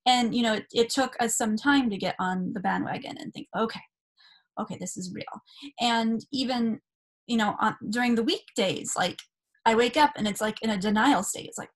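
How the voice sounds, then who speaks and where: A Southern Californian woman in her thirties, a spiritual vlogger, talks to her camera about spiritual ideas in a casual, earnest way with lots of fillers and restarts. Her voice is on the high side and her speed normal.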